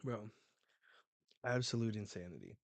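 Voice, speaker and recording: Excitable slangy man reacting slowly. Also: fairly low pitch, gravelly, dry recording. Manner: excitable, slangy, breaks off mid-phrase. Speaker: manga reaction host. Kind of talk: casual live reading reaction.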